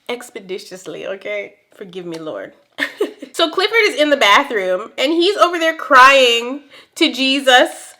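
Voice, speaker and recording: A young woman recapping a TV episode in casual chat, animated and quick to laugh, with dramatic exclamations. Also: a little high. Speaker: TV show recap host.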